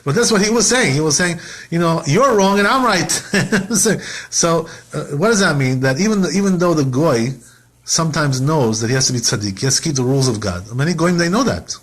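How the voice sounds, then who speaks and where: Slightly husky rabbi giving a Torah talk. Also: male voice, fairly high pitch, expressive, quick pace. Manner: rhetorical questions, acts out quoted complaints. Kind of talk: Torah lesson.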